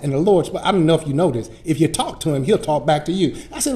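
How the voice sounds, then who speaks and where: A middle-aged man, a pastor teaching Sunday school, telling folksy stories in a lively preaching style. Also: fairly high pitch, fairly quick, few pauses. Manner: animated, folksy preacher who acts out his stories. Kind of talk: storytelling sermon-style lesson.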